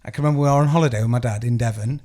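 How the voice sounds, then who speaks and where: A man's voice: medium pitch, rapid-fire, warm tone. A man chatting casually as a podcast co-host, rambling through stories and laughing often, at a table mic in a studio room. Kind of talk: casual chat. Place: studio room under bright lights.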